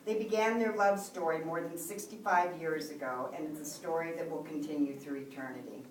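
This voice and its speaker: A middle-aged woman reading a prepared eulogy for her aunt, tender, with gentle humor and soft laughter. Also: sits low, fairly quick. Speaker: niece giving a eulogy. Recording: echoey room, voice from a distance, faint background hum.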